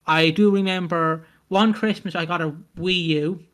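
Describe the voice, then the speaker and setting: Bright-voiced young man, joking. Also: sits high, steady tone, moderate pace, clean tone. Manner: swears freely and jokes darkly. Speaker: podcast co-host. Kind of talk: casual chat.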